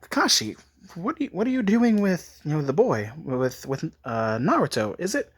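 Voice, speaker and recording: A man's voice: on the high side, very animated, moderate pace, husky, pitched above the performer's own voice. A man voicing a polite but guarded middle-aged mother.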